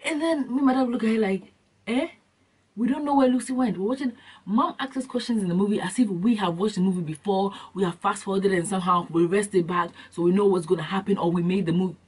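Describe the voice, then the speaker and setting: A young adult woman vlogging, telling comic stories in an animated, slangy way and acting out scenes. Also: mid-range voice, fast, slightly rough. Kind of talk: comic storytelling vlog. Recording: distant from the mic.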